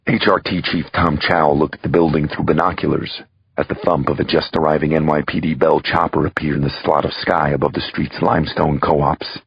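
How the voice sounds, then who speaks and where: Deep, raspy thriller narrator. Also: male voice, steady tone, a little fast, dry recording, highs cut off. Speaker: audiobook narrator. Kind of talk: first-person thriller narration.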